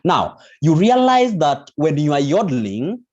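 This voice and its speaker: A man's voice: a little high, sing-song, a little slow, a little mellow. Guy teaching voice on a dull lo-fi call, patient, lots of restarts. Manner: explains patiently, many restarts. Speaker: vocal teacher. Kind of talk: online group voice lesson. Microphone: video call. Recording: dull lo-fi video call audio.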